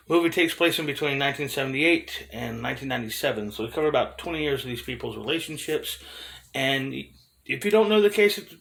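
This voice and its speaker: A man's voice: medium pitch, gravelly, pushed and bright. A man in his thirties giving a casual, profane film review, talking loosely with fillers, restarts and frequent laughs.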